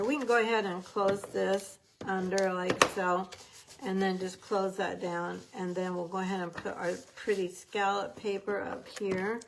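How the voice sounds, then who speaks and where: This papercraft tutorial comes from a woman whose gravelly, medium-pitched voice stays cheerful and chatty while she works with her hands. It's a low-quality recording with slight background noise.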